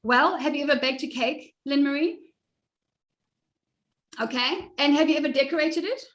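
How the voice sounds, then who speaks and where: A woman's voice: high-pitched, normal speed, a bit bright. A middle-aged woman coaching a live online group on style and confidence, talking boldly and directly, teasing her listeners and laughing often. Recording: echoey room.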